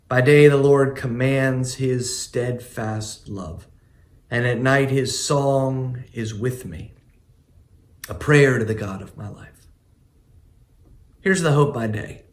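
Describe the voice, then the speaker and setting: A male pastor giving a sermon, earnest and emphatic, with pauses between phrases. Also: medium pitch, reverberant.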